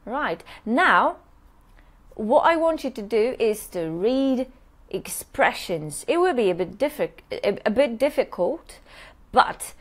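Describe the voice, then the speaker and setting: A woman teaching English pronunciation in a live online workshop, modeling words slowly and checking in with "yes?" after nearly every point. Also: fairly high pitch, very animated.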